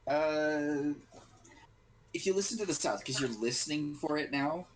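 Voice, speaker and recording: A man running a tabletop game as game master, relaxed and rambling, often correcting himself mid-sentence. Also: on the high side, unhurried, low-quality recording.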